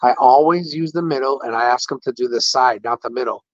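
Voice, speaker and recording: A man casually telling an animated, indignant story about a care-facility visit, quoting the people involved. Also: medium pitch, fairly quick. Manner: animated, indignant retelling with quoted dialogue. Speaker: podcast host. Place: patient room in a care facility. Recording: dull, dry lo-fi audio.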